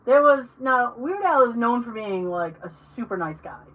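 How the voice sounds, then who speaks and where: Podcast co-host, female: animated storyteller with a high, swooping voice, recorded a bit off-mic. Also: normal speed, distant mic, poor audio. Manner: animated storyteller, acts out quoted people, swears. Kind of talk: casual chat.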